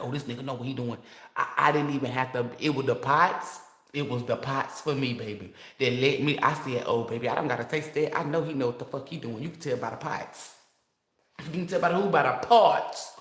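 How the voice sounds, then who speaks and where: Animated, profane man in an echoey room. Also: mid-range voice. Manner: animated, profane storytelling, addresses viewers as y'all. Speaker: tarot reader. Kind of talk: casual livestream chat.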